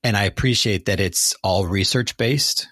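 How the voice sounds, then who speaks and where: Deep-voiced male podcast host. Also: normal speed, bright, forceful tone, slightly rough, no echo, studio quality. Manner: earnest, chatty, with fillers. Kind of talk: interview podcast.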